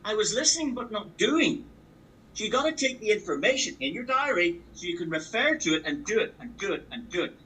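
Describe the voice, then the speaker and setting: Guy pumping up a call, kinda high voice, keeps repeating himself, sounds a bit far off. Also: expressive, brisk, bright, forceful tone. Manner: emphatic and repetitive, drives points home with sports analogies. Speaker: business opportunity trainer. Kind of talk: motivational training talk. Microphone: call audio.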